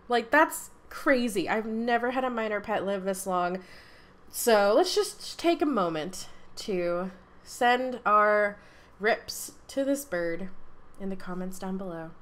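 A woman commenting on her own game in a high, bright-pitched voice. Her talk is animated and emotional, and she laughs often. Her pitch swings widely from one phrase to the next. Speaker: gaming channel host. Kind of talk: let's play commentary.

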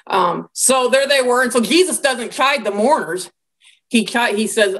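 High-voiced woman teaching Bible. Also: unhurried. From American Midwest. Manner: lively storytelling with casual asides and laughs. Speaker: Bible study lecturer. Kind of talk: conversational Bible lecture.

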